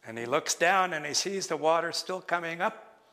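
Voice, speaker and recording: A man telling a traditional story live in a lecture hall, slow and expressive, acting out each character. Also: a little high. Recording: long reverb of a lecture hall.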